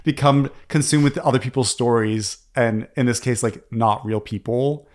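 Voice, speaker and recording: Casual podcast co-host, male, mid-pitched, loose and chatty with fillers. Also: normal speed, a little mellow. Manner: chatty, recaps scenes with many fillers. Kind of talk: casual film discussion.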